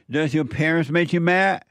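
A man with a fairly high voice hosts a call-in show and counsels a caller. He speaks slowly and with emphasis, circling back to repeat each point. His voice is close and dry. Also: a bit bright, no echo. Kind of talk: advice talk with a caller.

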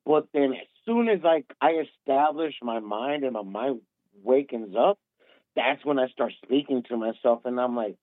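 A man's voice: medium pitch, animated, moderate pace, no echo. A man in his thirties calling in, tipsy from drinking, rambling with lots of restarts and repeats. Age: 30s. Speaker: caller. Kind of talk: casual call-in talk. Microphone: phone. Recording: tinny phone line, dry.

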